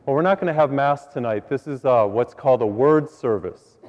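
A man, a priest, preaching to a live congregation in a relaxed, folksy way and telling jokes between his points. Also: medium pitch, moderate pace. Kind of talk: joke-filled sermon. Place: large church. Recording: long church reverb, dull sound. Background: congregation laughing.

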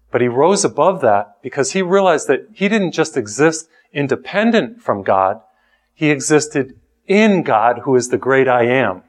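Male preacher, mid-pitched, earnest and animated sermon delivery. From Italian heritage. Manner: lively, earnest, lifts voice on key lines, chuckles.

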